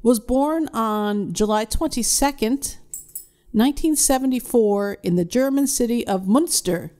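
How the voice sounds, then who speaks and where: A woman co-hosts a casual podcast, chatting freely and reading out facts now and then. Her voice sits a little higher than most women's. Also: unhurried, dark tone. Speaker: podcast co-host. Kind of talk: casual chat.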